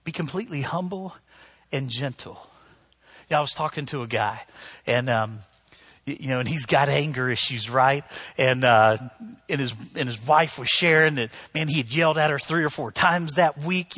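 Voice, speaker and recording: Husky-voiced pastor preaching a sermon. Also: male voice, medium pitch, moderate pace. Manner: storytelling with sudden loud outbursts, then soft.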